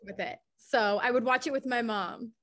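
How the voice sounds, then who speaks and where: A woman's voice: fairly high pitch, normal speed, a bit bright, no room sound. A young woman co-hosting a podcast, candid and giggly. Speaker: podcast co-host. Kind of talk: casual podcast chat.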